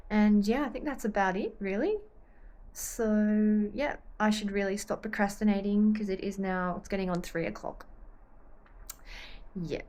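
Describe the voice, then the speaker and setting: Young australian woman, casual vlog chat, rambling, wanders off track, medium pitch. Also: a little mellow. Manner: chatty, rambling, easily sidetracked. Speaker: vlogger and triathlete.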